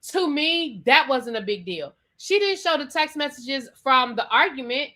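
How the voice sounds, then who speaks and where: A woman's voice: sits high, lively intonation, unhurried, sharp tone. A woman hosting a live show, reviewing a reality TV episode in a chatty, sassy way and repeating her points. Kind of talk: casual live rant reading viewer comments.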